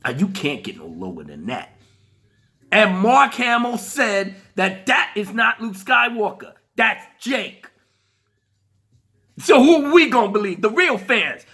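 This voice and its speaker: Heated, profane ranting man, bright and husky. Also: sits high, very animated, measured pace. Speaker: commentary vlogger.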